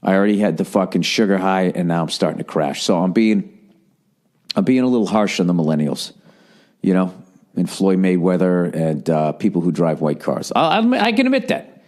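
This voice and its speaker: A man's voice: deep voice, big pitch swings, normal speed, a little mellow. A man in his forties hosting a solo podcast, ranting and swearing, then mocking himself. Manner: ranting, profane, self-mocking. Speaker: podcast host. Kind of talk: casual solo podcast monologue.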